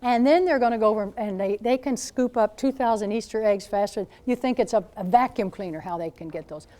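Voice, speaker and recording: A woman in her seventies, a Catholic nun speaking to high school students as a guest speaker, telling stories in an animated way and acting out what people said. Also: a little fast. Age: 70s. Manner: animated storyteller, acts out quoted voices. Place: school gathering room.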